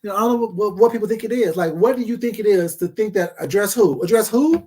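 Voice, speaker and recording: A man's voice: high voice, fast, a little mellow. A man vlogger ranting to camera in a profane, confrontational, combative way. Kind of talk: casual rant to camera.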